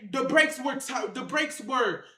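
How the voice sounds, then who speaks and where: An echoey room carries the high voice of a storyteller who relates a wild story at a measured pace. The casual, slang-filled telling is animated, full of sound effects, repeated phrases, and shouted bits.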